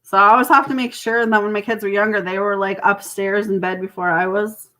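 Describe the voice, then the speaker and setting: Bright-voiced Canadian woman tarot reader. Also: medium pitch, fairly even intonation, fairly quick. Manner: chatty, reassuring, laughs often. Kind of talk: live-stream tarot reading and chat.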